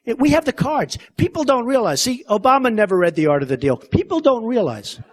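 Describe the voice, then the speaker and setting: A man in his sixties holds forth from a convention stage, boastful and rambling, circling back on his points and throwing asides to the crowd. His voice sits high for a man and swings widely up and down as he talks. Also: sing-song, fairly quick. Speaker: political candidate speaking at a convention. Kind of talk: campaign rally speech.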